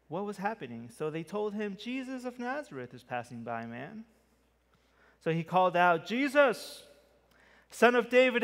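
A male pastor with a slightly high voice delivers a sermon in a conversational way, leaning into key words with lively emphasis. His voice trails off into the long reverb of a church sanctuary.

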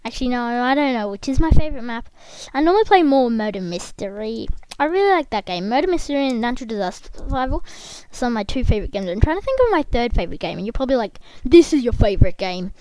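Excitable high-voiced woman gamer. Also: quick pace, smooth. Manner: excitable, bursts into shrieking yells; chatty, talks straight to the viewers. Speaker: gameplay commentator. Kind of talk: casual game commentary. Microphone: desk microphone, close.

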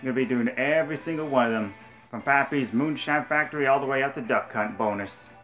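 A man commentating his arcade hunting game, excitable, cursing and yelling at the game. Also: mid-range voice, fast talker, soft background music. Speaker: gaming channel host. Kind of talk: let's play commentary.

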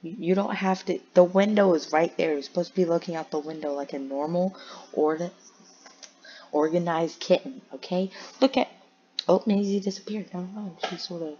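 A woman's voice: on the low side, fairly even intonation, moderate pace, warm tone, dull audio, a little hiss or hum. A young woman chatting casually while playing a firefighter game, making radio calls and talking to her cats.

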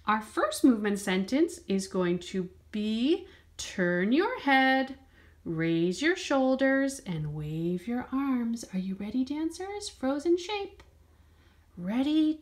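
A dance teacher with a high-pitched voice leads a children's movement lesson, taking it slowly. She reads a picture book aloud in a lively sing-song, with encouraging prompts cheering the dancers on.

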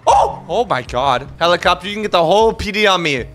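A young man playing a robber in a role-play game, giving excitable, joking commentary to himself while he drives. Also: high voice, fast talker. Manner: excitable, jokey, talks to himself while driving.

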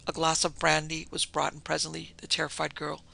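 Gravelly, bright-voiced horror story narrator. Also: mid-range voice, monotone. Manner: dramatic, measured storytelling. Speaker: podcast narrator.

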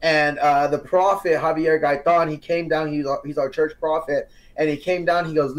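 A man's voice: a little high, moderate pace, few pauses. Earnest young man telling his story. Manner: earnest, grows animated and excited when telling the climax; repetitive, storytelling with quoted dialogue. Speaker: podcast guest. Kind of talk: casual testimony.

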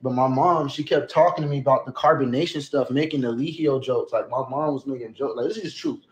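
A man giving a rambling, emotional confessional rant, now and then rising into shouted outbursts. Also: mid-range voice, fairly quick. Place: home, near a shower. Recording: echoey room.

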